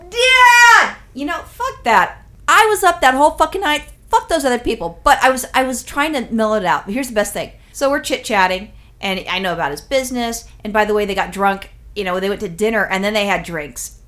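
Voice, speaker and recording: Brief: fast, profane female co-host, loose anecdotal delivery. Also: mid-range voice. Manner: rambling, profane, animated storyteller. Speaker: podcast co-host. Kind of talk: casual storytelling chat.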